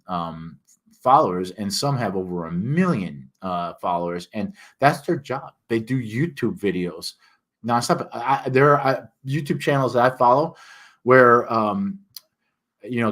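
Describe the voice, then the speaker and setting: Older man, Northern US accent, emphatic ranter with a lowish voice, livestream host. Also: a bit bright. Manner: emphatic, ranting, frequent restarts and fillers. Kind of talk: casual ranting monologue.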